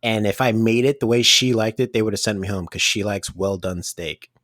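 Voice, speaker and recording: A man's voice: on the low side, fairly quick, a bit bright, no room sound, clean studio sound. A man hosting a podcast, chatting casually with laid-back, joking asides. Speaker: podcast host. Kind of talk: casual chat.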